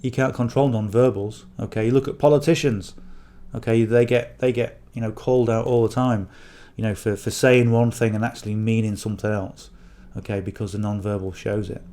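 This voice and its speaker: A man's voice: lowish voice, fairly even intonation, brisk, few pauses, mellow. A middle-aged man with a northern English accent giving rambling coaching to camera, checking in with "okay?" and "you know" as he goes. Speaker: affiliate marketing coach. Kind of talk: casual talk to camera.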